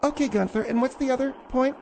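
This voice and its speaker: A man with a high voice hosts a call-in radio show in a chatty, teasing way. He calls his callers dear and honey as he presses them with questions. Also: fast talker, vocal fry, darkish tone, a little hiss or hum. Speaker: radio host. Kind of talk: comic call-in radio banter.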